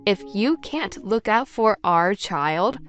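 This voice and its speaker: A woman's voice: medium pitch, lively intonation, slow pace, muffled recording, faint music behind. A woman voicing a stern mother-in-law who lays down terms in a firm, commanding way.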